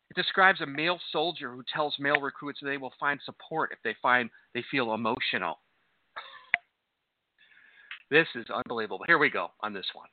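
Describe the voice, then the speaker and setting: A man hosting a talk radio show, giving opinionated, sarcastic commentary that often slips into a mocking high voice. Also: background noise. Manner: sarcastic, scoffing, mocks in a high voice. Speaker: radio host. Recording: dry, tinny phone-like sound.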